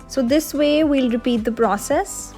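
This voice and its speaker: A woman's voice: sits high, a little slow, a little mellow, faint music behind. Woman walking through a recipe, step by step. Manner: clear step-by-step explaining. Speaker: cooking channel host. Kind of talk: recipe instruction voice-over.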